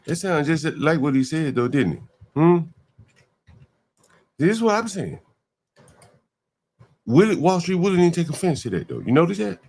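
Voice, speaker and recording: A man's voice: fairly high pitch, sing-song, moderate pace, pauses often, a little mellow. A man hosting a livestream, talking emphatically in repeated rhetorical questions. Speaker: livestream host. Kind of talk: ranting livestream commentary.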